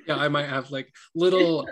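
A young man in a casual book group discussion, chatty and laughing often, with many fillers. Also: a little high. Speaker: book group member and audiobook reader.

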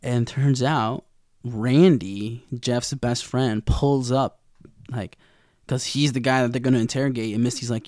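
A man's voice: medium pitch, steady tone, a little slow, darkish tone, no room sound, studio quality. A young man casually recapping a TV episode in a slangy, rambling way, acting out the characters' lines. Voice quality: gravelly, with vocal fry.

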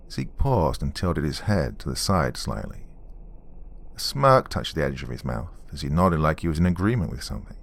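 A man with a very deep, low voice tells a true story from his days as a police officer. His delivery is dry and matter-of-fact, with wry dark humor. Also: gravelly. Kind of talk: storytelling narration.

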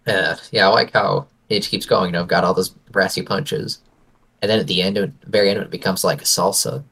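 A man's voice: sits low, fairly even intonation, a little fast, creaky, a bit bright, husky. A young man co-hosting a podcast, chatting casually with an enthusiastic, teasing manner. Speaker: podcast co-host. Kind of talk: casual chat.

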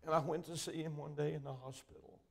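A man preaching at a church revival, telling a story that swings from loud outbursts to hushed near-whispers. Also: on the high side, level tone, fast talker, vocal fry.

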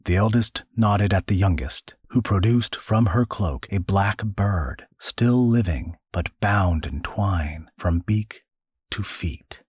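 Slow, low-voiced male narrator. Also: a little mellow, husky, no echo. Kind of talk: scripted narration.

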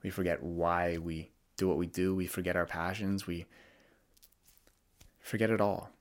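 A man's voice: low voice, flat delivery, a little slow. A young man hosting a solo podcast, talking candidly and reflectively about his feelings, with frequent restarts. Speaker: podcast host.

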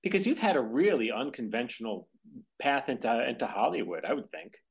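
A man's voice: fairly quick, vocal fry, husky. Male host, easygoing chatter with a bouncy, wide-ranging voice. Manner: lively pitch, swears casually, frequent backchannel. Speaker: podcast host. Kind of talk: casual interview chat.

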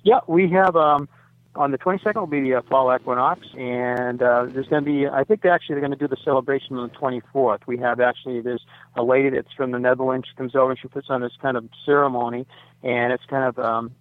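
Over a dry phone line with no echo, an American site owner in his sixties talks as a radio interview guest. He speaks fast in a steady, medium-pitched voice, rambling and frequently correcting himself between fillers.

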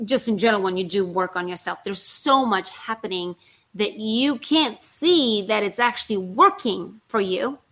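An actress in casual conversation, animated and talking in quick rushes. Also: female voice, mid-range voice. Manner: animated, talks in rushes, acts out her inner voice.

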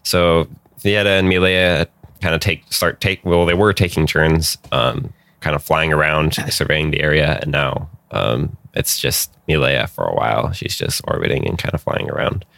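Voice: extremely low pitch, normal speed, vocal fry, a bit bright, no echo. A game master narrating a tabletop game, giggly and rambling with many fillers.

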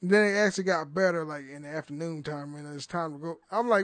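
Speaking a little high and a little fast with few pauses, a young man hosts a solo podcast in casual, rambling, profane talk. He laughs frequently and restarts sentences, and the audio has no echo.

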